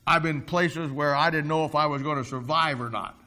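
A man voicing a battle-hardened army staff sergeant in a sermon story, speaking low and hushed. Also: a little fast. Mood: solemn.

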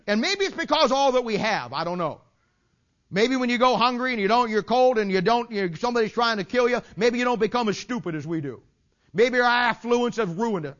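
Emphatic folksy preacher, lo-fi sermon tape. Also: male voice, very high-pitched, pushed and bright. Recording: dull lo-fi sermon recording.

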